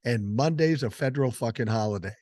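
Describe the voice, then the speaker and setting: A man's voice: medium pitch, a little fast, darkish tone, no room sound, clean studio sound. An older man hosting a podcast, talking politics in a blunt, emphatic, profane way. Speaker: podcast host. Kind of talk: casual political chat.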